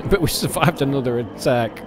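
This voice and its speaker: A man commentating on a video game he is playing, excitable and sweary, often yelling at the game. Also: mid-range voice, moderate pace, slight background noise. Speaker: let's play gamer. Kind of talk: gameplay commentary.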